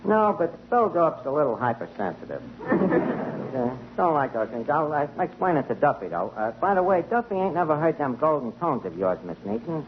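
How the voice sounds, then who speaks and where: A man's voice: a little high, very animated, moderate pace, noisy background. An actor playing a wisecracking tavern manager with tough-guy slang, in 1940s radio comedy style, on a tinny old broadcast. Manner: Brooklyn tough-guy slang with ungrammatical speech. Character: wisecracking male tavern manager, fast-talking.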